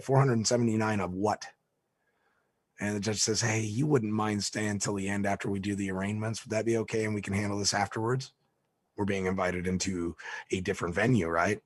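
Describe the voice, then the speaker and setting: A man with a lowish voice, recorded dry, tells a story about court in a relaxed manner. He's a lively storyteller, playing the parts of the people he quotes along the way.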